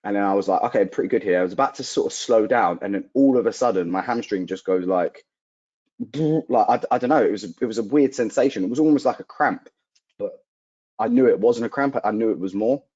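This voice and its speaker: A young man with a very deep voice tells a personal story as an interview guest. He acts out the people he quotes, with lots of "like" fillers. The audio is dull and lo-fi. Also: brisk, dark tone, husky. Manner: vivid retelling, acting out quoted dialogue, frequent "like" fillers. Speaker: athlete guest.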